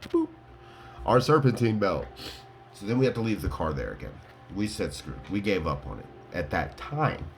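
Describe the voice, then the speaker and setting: A man's voice: on the low side, animated, a little fast, a little hiss or hum. A man casually telling his viewers a rambling story, laughing and full of fillers. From Colorado. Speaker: vlogger.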